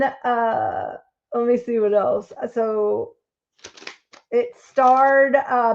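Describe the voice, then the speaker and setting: A woman's voice: fairly high pitch, a little mellow, muffled recording. A woman hosting a live craft stream, chatting casually and rambling as she reads out viewer votes.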